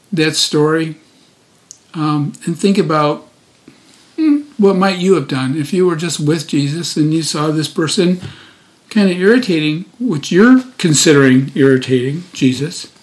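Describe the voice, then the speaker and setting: Folksy older man giving a homily. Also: a little high. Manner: chatty and folksy, many fillers and restarts. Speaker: deacon. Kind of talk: informal daily gospel reflection.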